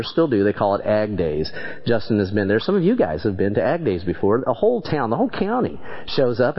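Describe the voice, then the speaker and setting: A man preaches in a low-pitched voice, plainspoken and earnest. The recording is dull and lo-fi, like an old church tape. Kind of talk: sermon with congregation questions.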